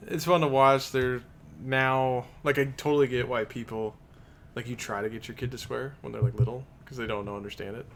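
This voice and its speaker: Man, podcast co-host, low-key, laid-back, mid pitch. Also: steady tone, brisk, a little hiss or hum. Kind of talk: casual podcast chat.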